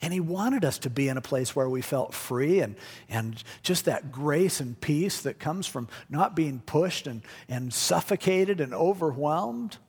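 A man's voice: a little high, a little mellow, slightly rough, long reverb tail. A male pastor giving a conversational, jokey sermon. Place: church.

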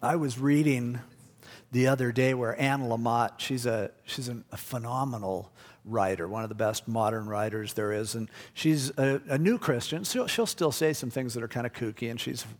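A man's voice: mid-range voice, moderate pace, big-room sound. A male pastor giving a conversational, jokey sermon. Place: church.

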